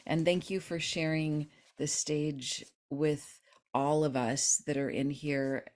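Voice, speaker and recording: A woman's voice: low-pitched, fairly even intonation, slow, darkish tone. A woman hosting a podcast in casual chat with a guest, talking effusively and laughing often. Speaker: podcast host.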